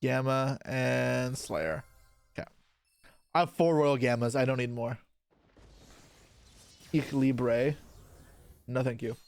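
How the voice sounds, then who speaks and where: A man's voice: mid-range voice, slow pace, creaky, long pauses, no echo. A young man chatting casually on a live stream, answering his chat aloud while opening card packs, with offhand swearing. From Canada.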